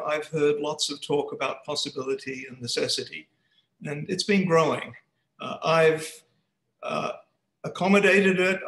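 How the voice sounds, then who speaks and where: A man gives a seminar talk over a video call, working through his points with plenty of restarts. His voice sits fairly high. The sound is roomy and echoey. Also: fairly bright tone. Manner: hesitant, with frequent restarts. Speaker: guest speaker. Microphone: computer mic on a video call.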